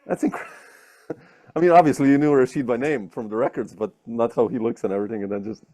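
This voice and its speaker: Man, interview host, mellow tone, short questions, brief reactions. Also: medium pitch, a little fast. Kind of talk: casual interview chat.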